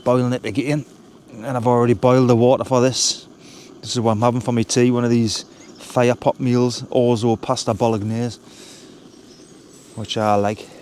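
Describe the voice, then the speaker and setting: A man, chatting casually in a relaxed, rambling way as he vlogs from a woodland wild camp. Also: medium pitch, moderate pace, a little hiss or hum. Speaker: vlogger. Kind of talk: casual outdoor vlog talk. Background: birds and woodland ambience.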